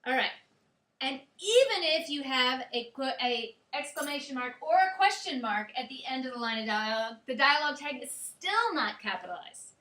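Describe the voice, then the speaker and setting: Bright high-voiced woman teaching a class. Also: big pitch swings, normal speed. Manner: explanatory, checks in with students. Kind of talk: classroom grammar lecture. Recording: echoey classroom.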